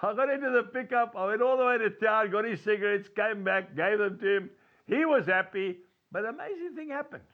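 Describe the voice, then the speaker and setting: A man's voice: sits high, brisk, narrow, tinny audio. A man giving an earnest devotional talk, telling folksy stories with chuckles. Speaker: preacher.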